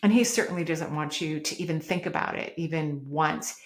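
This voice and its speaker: Animated woman giving spiritual advice, echoey room. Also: sits low, brisk. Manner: animated, emphatic, laughs easily. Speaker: podcast host and intuitive. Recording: roomy echo.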